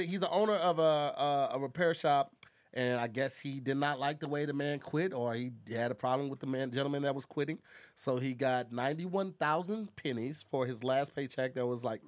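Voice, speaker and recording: A man hosting a casual podcast chat, talking in an animated way and laughing and swearing often. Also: medium pitch, fairly quick. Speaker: podcast host.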